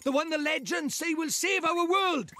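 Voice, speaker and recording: A cheeky Welsh fairy lord. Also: male voice, very high voice, moderate pace, bright, forceful tone, dry recording. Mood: chatty. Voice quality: lilting, brash and talkative. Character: small male fairy lord, cheeky, boastful and chatty. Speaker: game character. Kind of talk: video game voice acting.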